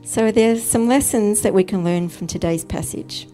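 A woman preacher, giving a calm, measured sermon as a story. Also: mid-range voice, soft background music.

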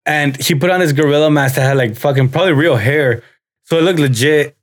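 A man's voice: fairly high pitch, a little fast. A young man co-hosting a podcast, telling stories in casual chat, profane and laughing often. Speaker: podcast co-host.

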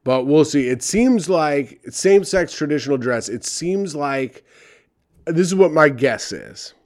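A man's voice: medium pitch, darkish tone. A young man reading advice letters aloud and ranting about them with sarcastic, profane commentary. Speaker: comedy podcast host reading advice columns.

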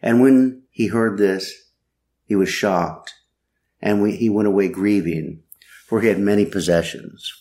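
A man preaching a sermon in a wry, sardonic way, with dramatic pauses. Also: on the low side, warm tone.

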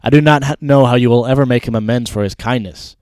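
A man reading aloud as a fussy, self-important older mother, in a quick, gushing manner. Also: medium pitch, darkish tone, clear, resonant tone, no echo, studio quality, close to an everyday voice.

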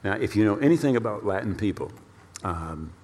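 A male pastor preaching a storytelling sermon in an animated way, repeating words for emphasis. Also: on the low side, a little fast. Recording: long reverb of a large hall.

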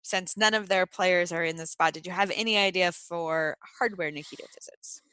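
A woman moderator passes audience questions along on a video call, halting and using fillers. Her voice is bright and a little tense. The sound is close and dry. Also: fairly low pitch, clear, resonant tone, no room sound. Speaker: webinar moderator.

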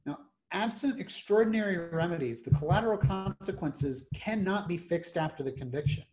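Guy with a slightly high voice walking thru legal points one by one, steady podcast host. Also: soft background music. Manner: measured, lists points methodically. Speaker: criminal defense attorney host. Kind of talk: explanatory podcast talk.

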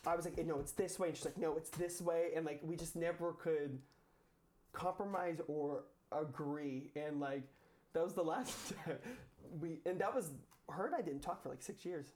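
A young man, a guest on a chat show, telling a story in a chatty way with lots of "like" and quick restarts. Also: a little high, darkish tone, slight background noise. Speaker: former cast member, guest.

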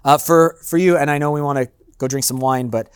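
A man's voice: on the high side, fairly even intonation, brisk, clear, resonant tone. Chatty man leading a wine seminar. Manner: conversational, acts out customers' lines; loose and chatty with fillers and asides. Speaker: master sommelier giving a seminar. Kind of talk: seminar talk to a live audience.

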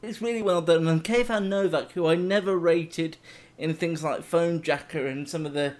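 A man's voice: fairly high pitch, steady tone, moderate pace. Chatty man hosting a podcast. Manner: chatty, enthusiastic, laughs often. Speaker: podcast host. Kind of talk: casual chat.

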